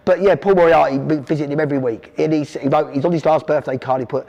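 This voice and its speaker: A man's voice: on the high side, steady tone, fast, gravelly, hardly any pauses, a little mellow. A middle-aged man from South London with a South London accent, telling long rambling stories about his father in an interview. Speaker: podcast guest. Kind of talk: storytelling interview.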